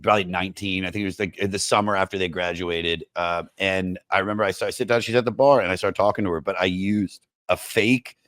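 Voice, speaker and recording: A man's voice: sits low, fairly even intonation, fast, few pauses, fairly bright tone, no echo. A man with a Maryland accent hosting a podcast, telling stories in a rambling, profane, joking way. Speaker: podcast host. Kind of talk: casual chat.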